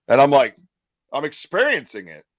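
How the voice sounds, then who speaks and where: A man hosting a casual chat podcast, animated and laughing often as he acts out other people's lines. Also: mid-range voice, moderate pace, no echo, studio quality. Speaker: podcast host.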